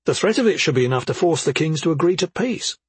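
A man's voice: fairly high pitch, expressive, quick pace, slightly rough, no echo, pitched above the performer's own voice. A man voicing an earnest young hero. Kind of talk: audiobook character voice.

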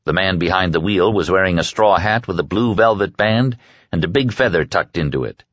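A man narrates a novel in a measured storytelling manner, his voice sitting low. The sound is dry and close with no room, and the recording is dull and lo-fi. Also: a bit bright, no room sound. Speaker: audiobook narrator. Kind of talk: scripted narration.

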